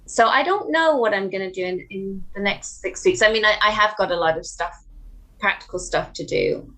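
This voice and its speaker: A woman talking as a podcast guest, her voice mid-pitched. She speaks earnestly and hesitantly, often breaking off and restarting her sentences. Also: moderate pace, a bit bright, low-quality recording. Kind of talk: casual chat.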